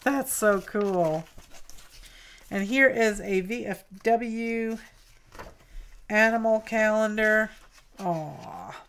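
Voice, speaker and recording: Drawing out her words and pausing often, a woman with a mid-range, somewhat bright voice opens mail during a craft livestream. She sounds a little tired but stays chatty and cooing, saying hello to viewers by name.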